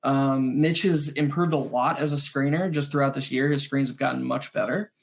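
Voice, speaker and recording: A man co-hosting a postgame sports podcast, breaking down plays in quick, animated analysis with some restarts. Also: mid-range voice, vocal fry. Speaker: podcast co-host.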